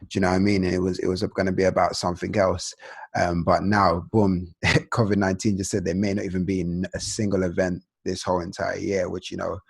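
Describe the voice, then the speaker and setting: Guy hosting a chill chat, slangy and loose, husky low voice. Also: flat delivery, a little fast. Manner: slangy, loose, lots of fillers. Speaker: podcast host. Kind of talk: casual interview chat.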